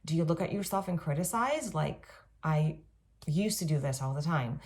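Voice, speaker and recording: A woman in her thirties talking casually and reflectively in a self-help monologue, often pausing on "um" and "like". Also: low-pitched, gravelly. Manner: gentle, reflective, with frequent "um" and "like".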